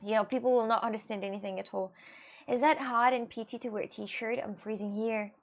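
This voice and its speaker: High-voiced woman chatting to viewers. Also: fairly even intonation, a little fast. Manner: rambling, restarts, swings into mock outbursts. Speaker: live streamer. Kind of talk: casual chat with viewers.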